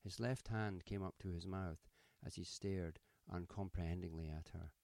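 A man narrating a story in a measured, even audiobook manner. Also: deep voice, vocal fry, no room sound.

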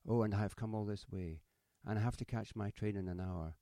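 A man's voice: on the low side, fairly quick, mellow, no room sound, lightly acted. A man reading a story, voicing a smartly dressed young woman who speaks primly and coldly. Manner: prim, clipped, coldly polite.

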